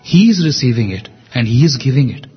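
A man, telling an animated, personal story in conversation. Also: medium pitch, a little fast, slightly rough, lo-fi sound, soft background music. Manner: animated, repeats himself. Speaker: guest speaker.

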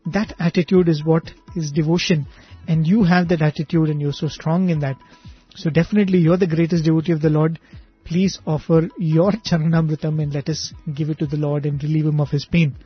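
A man voicing a devoted queen who pleads earnestly, in his own husky storytelling voice. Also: fairly high pitch, steady tone, fairly quick. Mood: pleading. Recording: dull lo-fi recording, faint music.

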